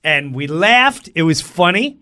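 Man, middle-aged, comedian guest, animated storytelling, slightly high voice, does other people's voices. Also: unhurried, no room sound, clean studio sound.

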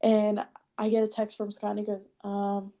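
A woman's voice: medium pitch, completely flat delivery, a little fast, dark tone. A woman podcast host in casual chat, bubbly, laughing often and swearing freely.

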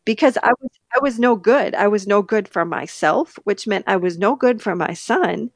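A woman's voice: mid-range voice, moderate pace, dry recording, studio quality. Candid woman telling a story. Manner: animated, candid, laughs between sentences. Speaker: podcast co-host. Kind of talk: casual storytelling chat.

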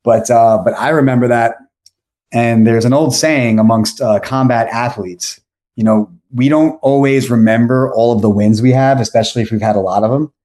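A man's voice: mid-range voice, fairly even intonation, moderate pace, dark tone. A man in his forties from South Florida, a podcast guest telling a long story casually, rambling and correcting himself as he goes.

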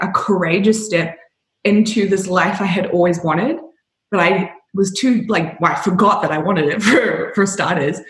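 Animated laughing woman, echoey room. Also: medium pitch. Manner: animated, laughs often, voice rises when excited. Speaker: podcast guest. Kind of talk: casual interview storytelling.

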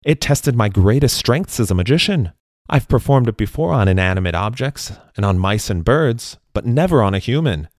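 A man's voice: mid-range voice, animated, moderate pace, no room sound, studio quality, close to an everyday voice. A man voicing a proud, grandiose male stage magician in a spoken story. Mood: boastful. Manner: grandiose, self-congratulating, apologetic when explaining.

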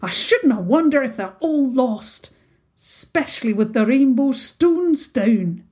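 A woman's voice: high-pitched, animated, slow, darkish tone, pitched above the performer's own voice, heavily acted. A woman doing a thick-accented Scottish haggis creature. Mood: explaining. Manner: theatrical, sighing. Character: scruffy dramatic male haggis creature.

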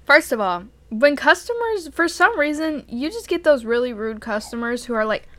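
A woman's voice: high voice, sing-song, moderate pace, a bit bright, no echo. A young woman co-hosting a podcast, telling a work story in a profane, exasperated way. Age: young adult. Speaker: podcast co-host. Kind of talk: casual storytelling chat.

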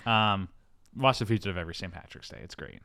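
A man's voice: low-pitched, quick pace, vocal fry, sharp tone, dry recording. A man co-hosting a podcast, casually retelling a film's plot with jokes and laughter. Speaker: podcast co-host. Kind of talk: casual movie review chat.

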